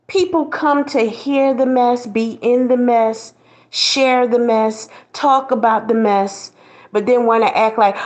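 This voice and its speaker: A woman's voice: a little high, slow. A woman host giving a blunt, preachy commentary monologue, mocking others in put-on voices.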